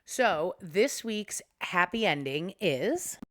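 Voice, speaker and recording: A young woman hosts her own commentary podcast with a lowish voice, working herself into heated, profane rants. Her sound is dry and close, with no room around it. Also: lively intonation, slow, a bit bright, no echo. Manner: ranting, heated, swears freely. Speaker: podcast host.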